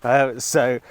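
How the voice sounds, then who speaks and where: A middle-aged used car dealer who vlogs talks casually to camera while nursing a cold that makes him sound a bit chesty. He rambles in a matter-of-fact way, restarting sentences and dropping the odd swear word. His pitch is medium, with no room sound.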